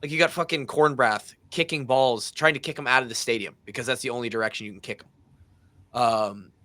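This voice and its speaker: A man in his thirties hosting a podcast, telling a story in a casual, animated way and acting out the voices of the people in it. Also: mid-range voice, a little fast. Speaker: podcast host.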